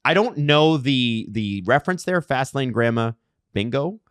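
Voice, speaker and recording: A Canadian man co-hosting a casual sports podcast, telling animated stories and laughing often. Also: mid-range voice, unhurried, clear, resonant tone. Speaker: podcast co-host.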